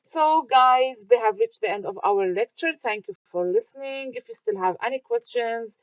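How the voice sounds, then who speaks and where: A woman's voice: fairly high pitch, moderate pace, no echo. A woman teacher giving a recorded lecture, explaining step by step, asking questions and answering them herself, with fillers and restarts. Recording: dry, muffled lo-fi.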